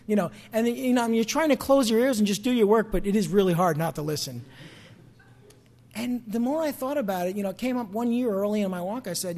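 A man's voice: high voice, quick pace, darkish tone. A man preaching a sermon as pastor, talking conversationally and asking the congregation questions.

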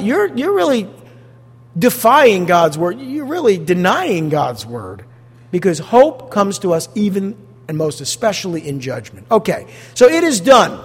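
A man preaching a sermon as pastor, animated and full of rhetorical questions to the congregation. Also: high-pitched, normal speed, husky, long reverb tail.

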